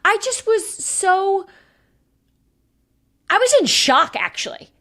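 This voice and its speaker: A woman in her thirties hosting a podcast, telling a story in a lively, animated way and laughing often. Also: very high voice, slow. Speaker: podcast host. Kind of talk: casual chat.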